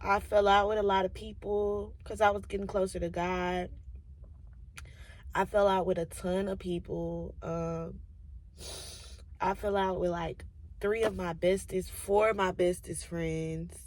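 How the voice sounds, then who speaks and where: A young woman in her 20s, a vlogger, reads through her old journals in a casual personal vlog, confiding and emotional, saying "like" a lot and tearing up at times. Her voice is medium-pitched and slightly mellow, with fairly even intonation and a measured pace.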